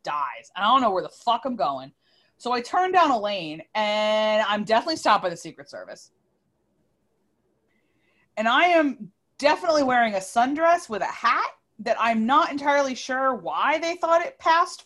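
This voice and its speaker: A woman in her thirties, a bit tipsy, telling a long story on a podcast in an animated, sweary way, often cutting herself off mid-word. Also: on the high side. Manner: animated, swears freely, self-interrupting. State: tipsy from drinking. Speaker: podcast co-host. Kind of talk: casual storytelling chat.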